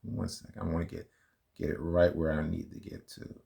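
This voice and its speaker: A man's voice: low-pitched, little pitch movement, fairly quick, gravelly, dark tone. A man hosting a reaction video, talking casually and arguing emphatically between clips. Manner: emphatic, argumentative, fumbling with playback. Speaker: commentary channel host.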